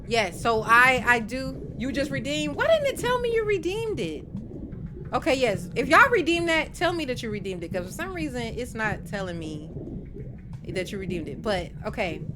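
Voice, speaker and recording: A woman's voice: on the high side, big pitch swings, unhurried, background noise. A woman streaming a game live, chatting casually with her viewers and swearing now and then. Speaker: gaming streamer. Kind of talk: live gameplay commentary. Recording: game music under voice. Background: game music.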